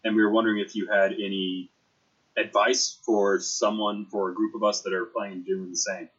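A man with a slightly low, husky voice plays his turn in a tabletop game. He sounds laid-back and chuckles easily. The recording is dull and lo-fi. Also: flat delivery, fairly quick, a bit bright. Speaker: player.

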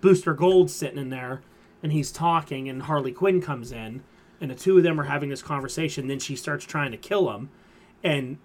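A man's voice: a little high, normal speed, darkish tone. A man hosting a casual pop culture podcast, retelling comic plots in a rambling way full of fillers. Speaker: podcast host. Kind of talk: casual chat.

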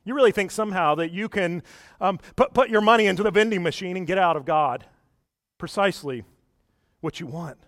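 High-voiced male preacher, conversational. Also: a little fast, a bit bright, dry recording, clean studio sound. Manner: conversational, drops his voice low for asides, asks the listeners questions. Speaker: pastor. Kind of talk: sermon.

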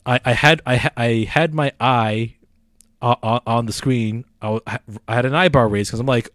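A man's voice: mid-range voice, normal speed, a bit bright, no echo, studio quality. A man casually reviewing a film on a podcast, rambling with many fillers and restarts. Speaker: movie reviewer.

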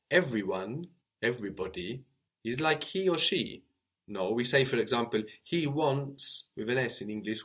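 A man's voice: mid-range voice, fairly bright tone. A man teaching a spoken language lesson, explaining patiently, spelling out words and checking in with a questioning "no?".

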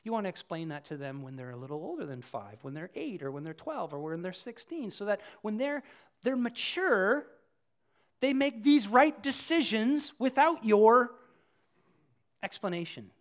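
A male pastor preaching a sermon, animated, acting out little scenes with voices. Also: high voice, moderate pace.

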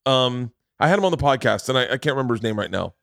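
A man's voice: mid-range voice, lively intonation, rapid-fire, creaky, fairly bright tone, dry recording, clean studio sound. A man hosting a podcast, telling a long rambling story in casual chat, swearing freely. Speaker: podcast host.

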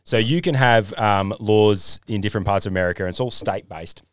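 An Australian man co-hosting a casual podcast, telling stories and doing quick impressions of people he quotes. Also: on the low side, no echo, studio quality. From North Queensland, Australia. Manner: storytelling, animated impressions of others. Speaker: podcast co-host. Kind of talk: casual chat.

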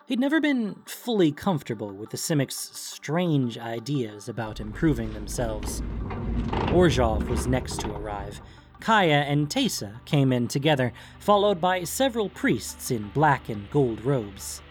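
A male audiobook narrator tells a fantasy story with lively, animated intonation. Soft music runs underneath the reading. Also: mid-range voice, unhurried. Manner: expressive storytelling. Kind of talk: scripted narration.

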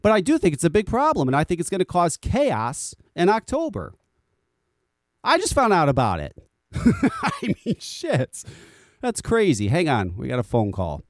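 Animated, swearing American podcast host. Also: male voice, a little high, normal speed, no room sound, studio quality. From United States. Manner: animated, swearing, repeats words. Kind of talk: casual podcast rant.

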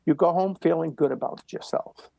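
Older male interview guest, gravelly and breathy, punchy repeated phrases. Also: a little high, normal speed, mellow, no room sound. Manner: emphatic, repetitive motivational delivery. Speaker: guest runner. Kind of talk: storytelling interview.

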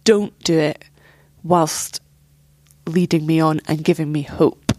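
A young woman recounts a painful personal story in an interview, speaking candidly and swearing freely as she acts out what others said. Her voice sits a little low, and the recording is close and dry, with no room sound. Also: steady tone, slow pace, warm tone, no echo. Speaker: interview guest.

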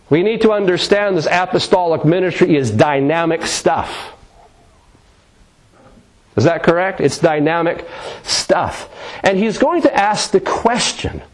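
A man preaching with real fire, his voice sitting a little high and swinging widely up and down. He acts out the scripture he quotes, sometimes slowing right down for weight and sometimes pushing forward. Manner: passionate, dramatic, voicing scripture with shifting tone. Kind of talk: sermon.

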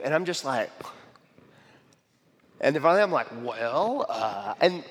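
Guy preaching animated, lots of okay? and restarts, bit higher voice, big echoey hall. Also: unhurried. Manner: animated, repeats "okay?" and "I mean", frequent restarts. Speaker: speaker giving a talk. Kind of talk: sermon-style talk with personal stories.

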